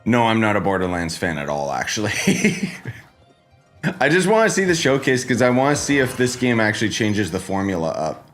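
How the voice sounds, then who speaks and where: A low-voiced man chats with his stream viewers in a loose, rambling way and greets them by name. His voice is congested because he just woke up. Faint music plays under his talk. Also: big pitch swings, normal speed, fairly bright tone. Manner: laid-back, rambling, greets chat by name. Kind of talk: casual live-stream chat. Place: home streaming setup with green screen.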